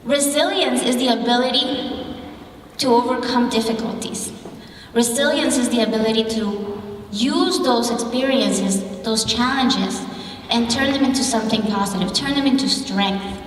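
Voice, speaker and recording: A woman's voice: fairly high pitch, moderate pace, slight background noise. Woman speaking far off in an echoing hall. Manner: lively, personal storytelling. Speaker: therapist giving a talk. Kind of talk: storytelling talk to teens and parents. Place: church hall. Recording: echoey hall recorded from afar.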